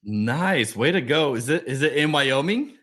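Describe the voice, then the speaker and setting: A middle-aged man hosts a podcast interview. His voice sits in an ordinary middle range. He asks questions and tells stories in a relaxed, conversational, animated way. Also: mid-range voice, a little slow. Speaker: podcast host.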